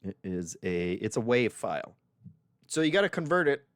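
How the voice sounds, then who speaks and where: A man's voice: on the low side, very animated, normal speed, dry recording, studio quality. A man streaming game demos, chatting casually and reacting as he plays. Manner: chatty, reads on-screen text aloud and reacts. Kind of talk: casual live-stream commentary. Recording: game music playing underneath. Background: game music.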